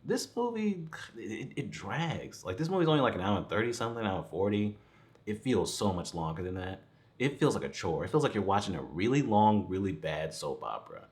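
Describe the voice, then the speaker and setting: A man's voice: lowish voice, sing-song, a little fast, a little mellow. A man giving a casual, rambling film review, laughing often and swearing freely. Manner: rambling, chuckling, profane. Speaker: movie reviewer.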